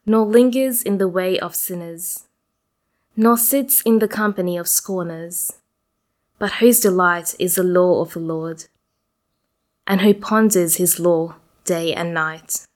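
A woman serving as lector at Mass, reading the psalm verses and the Gospel acclamation in a measured way. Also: lowish voice. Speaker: lector and cantor. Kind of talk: reading and leading the responsorial psalm.

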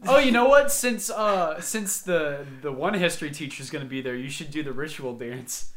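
A teenage boy co-hosting a casual podcast, telling stories with loud, animated acted-out quotes. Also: fairly high pitch, moderate pace. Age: teens. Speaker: podcast co-host. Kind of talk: casual chat.

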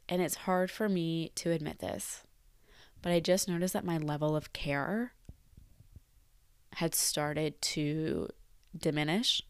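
A woman's voice: deep voice, clean tone, no room sound. A woman in her twenties, a teacher, talking candidly and reflectively about her job in a personal vlog, repeating words for emphasis. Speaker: teacher leaving the profession.

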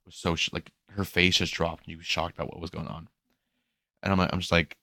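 A low-pitched man rattles through a story at a quick clip, casual and animated. He slips into mimicking the people he describes and swears freely. The sound is dry and close. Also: no echo. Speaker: podcast host and pool lifeguard.

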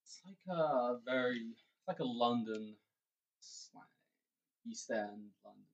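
A man's voice: mid-range voice, expressive, slow, highs cut off. A man running a slang guessing game, patiently giving clues and explaining. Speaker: quizmaster. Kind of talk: casual chat.

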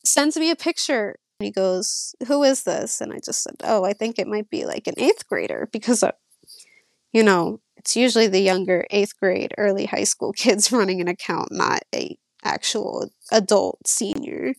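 A young woman telling her own story as an interview guest, reading text messages aloud in a casual, halting way with fillers. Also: mid-range voice, creaky, no room sound, clean studio sound. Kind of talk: personal storytelling.

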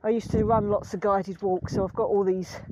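A woman's voice: mid-range voice, fairly even intonation, fairly quick, poor audio. A woman walking across a nature reserve and chatting about the wildlife she sees. She talks casually with many ums and breaks into sudden delighted exclamations. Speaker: nature walk guide. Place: outdoors on a windy nature reserve. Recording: loud outdoor wind noise.

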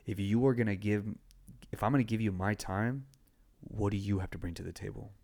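Brief: young male podcast host, lowish voice, blunt and profane, animated storyteller. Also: brisk, gravelly, slight background noise. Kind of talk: casual chat.

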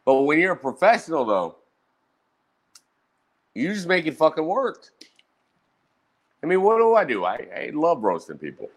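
A man's voice: a little high, very animated, normal speed, long pauses. A man telling roast-battle stories in a brash, profane, casual monologue. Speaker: streamer recounting roast battles.

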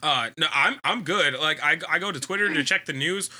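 A man's voice: fairly high pitch, a little fast, sharp tone. A man from Wyoming co-hosting a comedy podcast, telling profane stories and laughing a lot. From Wyoming, USA. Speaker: podcast co-host. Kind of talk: casual comedy podcast chat.

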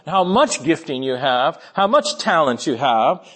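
A man's voice: on the high side, big pitch swings, a little slow, hardly any pauses, fairly bright tone. A man preaching a sermon in an earnest, emphatic way, often restarting his phrases. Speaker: pastor.

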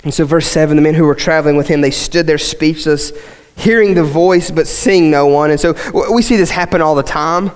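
A pastor from West Virginia, preaching a conversational sermon that rises into impassioned, repeated emphasis. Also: male voice, a little high, a little fast, clean tone, big-room sound. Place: church sanctuary.

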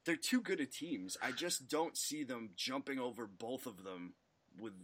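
A man co-hosting a casual sports podcast, talking in a measured and analytical way. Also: mid-range voice, expressive, a bit bright, a little hiss or hum. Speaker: podcast co-host.

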